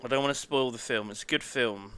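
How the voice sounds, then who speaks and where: A man hosting a live stream in casual chat, excitable and quick to laugh. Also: mid-range voice, clean tone. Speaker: streamer host.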